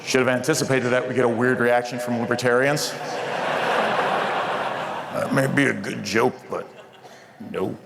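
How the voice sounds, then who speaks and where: A man's voice: mid-range voice, fairly even intonation, moderate pace, vocal fry, pauses often. Man doing stand-up in a big hall. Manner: playful, jokey crowd work. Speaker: comedian. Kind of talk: live stand-up comedy. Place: hotel event hall with live audience. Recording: reverberant hall with crowd noise.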